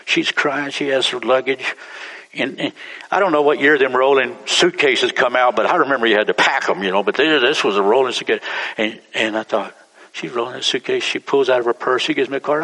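Folksy pastor, bright voice. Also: male voice, medium pitch, fairly quick. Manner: folksy, rambling, repeats himself. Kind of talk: sermon storytelling. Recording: long church reverb.

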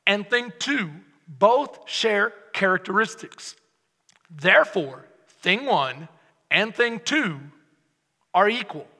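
A man's voice: high voice, vocal fry, bright, forceful tone, big-room sound. A pastor man preaching a sermon, emphatic and rhetorical, often mocking the other side's words. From Texas. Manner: emphatic, rhetorical, mock-quotes opponents. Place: church sanctuary.

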